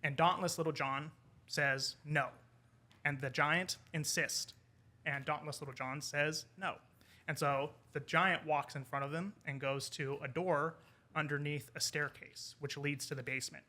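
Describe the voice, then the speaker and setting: A man, an English professor, telling a folk tale in casual conversation over wine, animated and quoting the characters. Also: fairly high pitch, measured pace. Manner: animated retelling with quoted character lines. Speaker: podcast guest, English professor.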